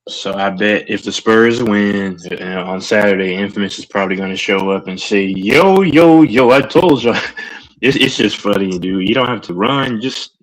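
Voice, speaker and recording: A man's voice: low voice, steady tone, moderate pace, few pauses, a bit bright, low-quality recording. A man hosting casual sports chat, teasing his co-hosts with laughing banter.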